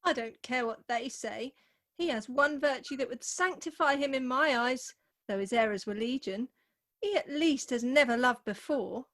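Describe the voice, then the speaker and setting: A woman's voice: high voice, moderate pace, a bit bright. A woman playing a melodramatic young bride who wails over her wedding in a radio play. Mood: earnest. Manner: wailing, melodramatic. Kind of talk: Zoom radio play acting.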